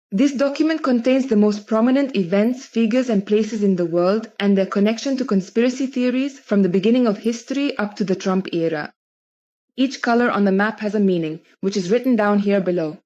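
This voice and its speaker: A woman's voice: mid-range voice, fairly quick, darkish tone. A woman narrating an explainer video, dramatic and posing teasing questions to the viewer. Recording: dull lo-fi audio.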